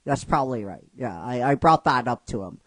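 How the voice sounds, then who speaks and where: A man voicing an upbeat young man coaxing an old friend, with eager halting phrasing. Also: mid-range voice, lively intonation, fairly bright tone, no room sound, voice pushed down.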